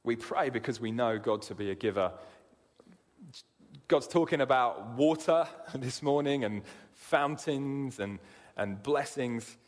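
A man's voice: medium pitch, a little slow. A man preaching a sermon in an earnest way, often repeating words as he begins a sentence. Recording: long hall reverb.

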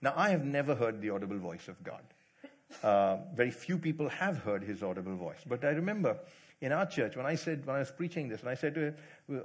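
A man preaching a sermon in a church, telling stories and acting out the people in them, swinging from loud to hushed. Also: mid-range voice, a little fast, breathy edge. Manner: animated storytelling, acts out quotes, swings loud to hushed. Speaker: pastor.

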